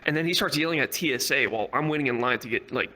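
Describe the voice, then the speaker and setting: A man's voice: mid-range voice, racing, slight background noise. A young man telling a rambling, profane story at a virtual reality comedy club. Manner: rambling, heavy swearing, animated.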